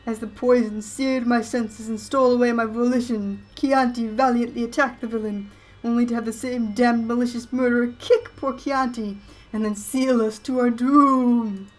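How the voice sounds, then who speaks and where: A woman voicing a mournful, grandiose male knight ghost who speaks in archaic, theatrical drawn-out phrases. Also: fairly high pitch, fairly even intonation, voice pushed up, lightly acted. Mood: aggrieved.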